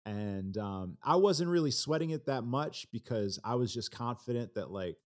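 A man who is a rapper, speaking as a guest on a casual podcast in a relaxed, hesitant way. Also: mid-range voice, normal speed. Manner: relaxed, hesitant, many fillers and restarts.

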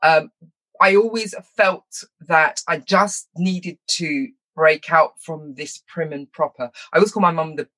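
A middle-aged woman telling stories from her childhood in an interview. She is lively and self-mocking, laughs often, and slips into quick impressions. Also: low voice. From London, England. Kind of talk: personal storytelling in conversation.

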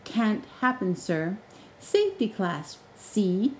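A woman's voice: medium pitch, slow, slight background noise, rough recording. A woman voicing a male house spirit working as a college porter, formal and dryly polite. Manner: formal, deadpan, sly.

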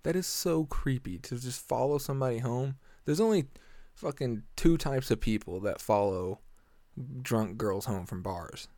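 A man's voice: medium pitch, dry recording. A man telling a story casually, swearing a lot, laughing often and acting out the exchanges. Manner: animated retelling, acting out exchanges.

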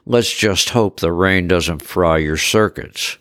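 A low-voiced man playing a bitter, sarcastic wife. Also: very animated, a little slow, a bit bright, dry recording, clean studio sound, exaggerated voice. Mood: irritated sarcastic. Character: irritated, sarcastic jealous wife.

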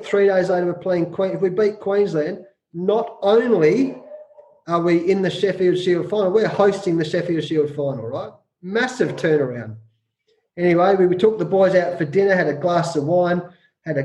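A middle-aged Australian man, a cricket coach and author, telling a story in an interview and acting out shouted quotes with rapid repetitions. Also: high-pitched, reverberant.

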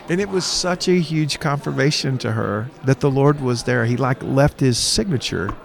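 A man of average pitch speaks as a guest minister, relating a story in an interview. He talks with a preacher's fervour and slips into the voices of the people in his story as he tells it. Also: moderate pace, gravelly, hardly any pauses. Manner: lively storyteller who acts out the quoted dialogue; fervent, preacher-like delivery.

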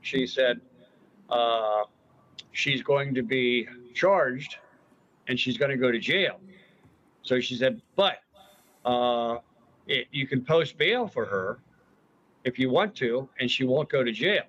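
A man speaks very slowly and haltingly with restarts. The recording is dull and lo-fi. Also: medium pitch, fairly bright tone, breathy edge. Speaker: father telling a scam story. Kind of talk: recorded testimony. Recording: dull lo-fi audio.

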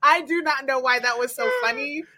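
A young woman chatting casually as a podcast guest, telling stories in an animated way and laughing often. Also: sits high, brisk, heavy background noise. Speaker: guest comedian and cosplayer.

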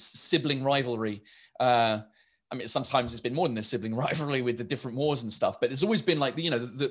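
A man's voice: mid-range voice, a bit bright. An English man, a stand-up comedian, chatting in an interview and rambling with many restarts and fillers. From England. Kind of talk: casual interview chat.

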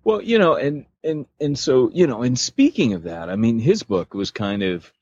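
European male podcast co-host, husky, loose rambling delivery, dull dry recording. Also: mid-range voice, big pitch swings, moderate pace, darkish tone, no echo. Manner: rambling, loose, full of fillers. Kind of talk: casual chat.

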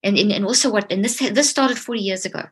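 Husky, emphatic woman explaining passionately. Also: medium pitch, fast talker. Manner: emphatic, earnest, repeats words when building a point. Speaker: speaker on mind and mental health. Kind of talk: impassioned explanatory talk. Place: outdoors near a tree.

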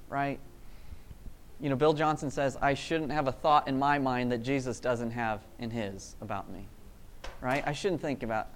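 A man preaching a casual, energetic sermon in a rambling, self-amused way. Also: sits high. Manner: energetic, rambling, laughs at himself.

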